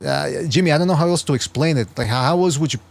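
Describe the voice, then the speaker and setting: A man's voice: fairly high pitch, quick pace, creaky, no echo. Stammering male podcast host. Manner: earnest, explains points with frequent stammered restarts. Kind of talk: casual podcast chat.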